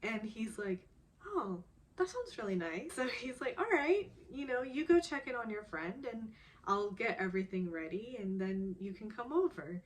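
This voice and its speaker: A woman's voice: medium pitch, expressive, normal speed, a little hiss or hum. A young woman casually recapping a drama episode, often giggling and acting out the characters' quotes. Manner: emotional, giggly, acts out quotes.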